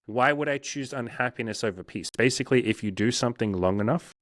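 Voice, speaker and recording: A man's voice: mid-range voice, fast, dry recording, clean studio sound. A male coach talking frankly in a casual interview, swearing freely and acting out inner voices.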